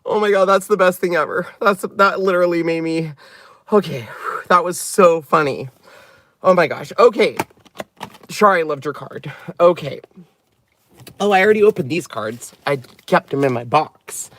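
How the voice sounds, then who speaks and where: A man hosting a crafting channel, chatting excitably and breaking into giggles while opening gifts in his car. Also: fairly high pitch, moderate pace, no room sound. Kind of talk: casual unboxing vlog. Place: inside a parked car.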